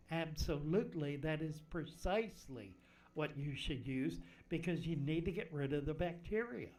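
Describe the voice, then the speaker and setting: Man, slow easygoing talk, rambling livestream host, home room with fish tanks, desk mic. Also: on the high side. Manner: rambling, thinks aloud while fiddling with gear. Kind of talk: casual livestream chat answering viewers. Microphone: desk microphone.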